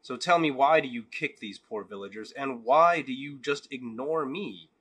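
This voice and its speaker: A man's voice: lowish voice, normal speed, sharp tone, breathy edge. A man voicing an indignant rabbi who makes formal, insistent demands, in a spoken joke.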